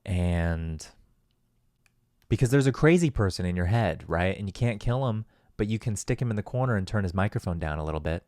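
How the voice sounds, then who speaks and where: A man's voice: sits low, lively intonation, brisk, darkish tone, no room sound, studio quality. A man hosting a solo podcast, talking in a loose, rambling, profane and self-deprecating way. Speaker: podcast host. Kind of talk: casual solo podcast monologue.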